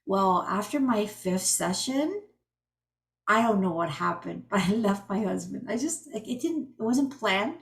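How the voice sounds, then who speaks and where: A woman's voice: medium pitch, measured pace, vocal fry. Chatty woman telling her story. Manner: chatty, animated storytelling with restarts. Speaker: energy healing coach. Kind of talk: personal storytelling on a group call. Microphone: video call.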